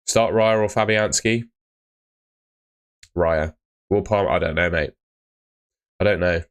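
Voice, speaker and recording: A young man hosts a live stream in a very low voice. He reads out viewers' questions and answers them bluntly, tacking "mate" onto nearly every reply. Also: unhurried. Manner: chatty, blunt advice, often ends with "mate". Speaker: fantasy football streamer. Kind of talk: casual live-stream chat.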